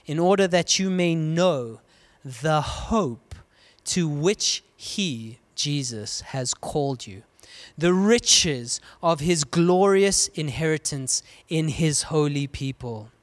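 A high-pitched male pastor from South Africa delivers a dynamic sermon. He climbs to loud, ringing cries and then drops to hushed, intimate lows. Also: expressive, slow pace.

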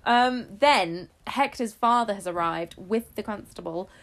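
A woman's voice: medium pitch, unhurried, fairly bright tone. A woman in casual chat, animatedly retelling a novel's plot and swearing freely. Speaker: book podcast co-host.

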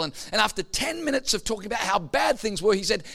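A man's voice: high voice, expressive, normal speed, gravelly, few pauses, pushed and bright. A man preaching a sermon, telling stories and building up to emphatic points. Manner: storytelling, building to emphatic peaks. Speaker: pastor.

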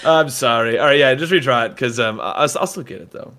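A man's voice: mid-range voice, quick pace, very noisy. A man chatting casually as a guest on a stream, laughing often and playful.

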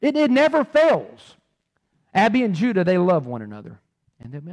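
Animated pastor, high lively voice. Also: male voice, moderate pace. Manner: animated, repeats words, swings loud and soft. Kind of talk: sermon.

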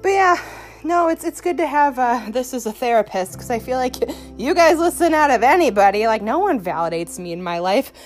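A young woman hosting a solo podcast into her phone, rambling, profane and sarcastic, with sudden jumps in pitch. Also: expressive, fairly quick, soft background music. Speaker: podcast host.

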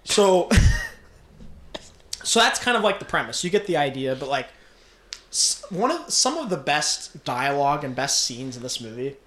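In an unhurried, fairly high voice with frequent pauses, a young man retells a film plot casually. He swears freely, laughs often, and stays animated, and the room adds a noticeable echo.

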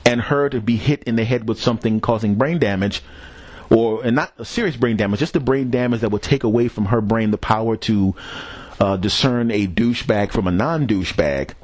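A man's voice: fairly low pitch, moderate pace, no room sound. A man hosting a podcast, telling a rambling, profane story in a casual solo monologue and chuckling at his own jokes. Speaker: podcast host.

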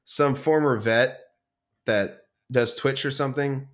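A man co-hosting a casual podcast chat, swearing freely, ranting and mocking people in quick impressions. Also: mid-range voice. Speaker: podcast co-host.

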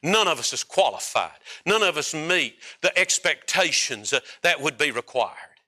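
A man preaching a sermon in a folksy, emphatic way, rising to loud peaks and dropping to quiet stretches. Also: fairly high pitch, animated, normal speed.

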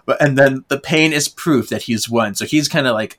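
A man's voice: mid-range voice, normal speed. Man animatedly recapping chapters. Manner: animated recapping, acts out characters. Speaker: podcast co-host. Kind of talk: casual book discussion.

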